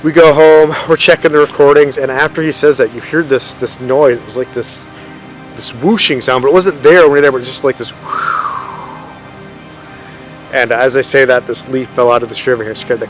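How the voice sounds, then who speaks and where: Faint music plays as a thirtysomething paranormal vlogger casually tells a ghost story in the forest. He speaks fairly quickly at a medium pitch, correcting himself often and leaning on plenty of fillers.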